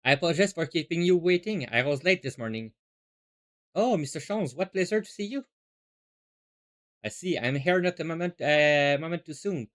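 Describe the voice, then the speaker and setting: Casting: man as a genteel, rambling detective, unhurried and sure of himself, for a game read-through. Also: fairly high pitch, expressive, fairly bright tone. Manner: courteous, rambling, self-assured. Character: polite, eccentric gentleman detective.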